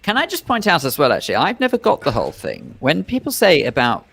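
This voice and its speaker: A man's voice: on the high side, wildly swooping pitch, fast talker, creaky, a bit bright, husky, dry recording. A man co-hosting a radio show in casual banter, wry and mock-indignant as he reads listener messages. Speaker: radio co-host. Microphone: studio microphone.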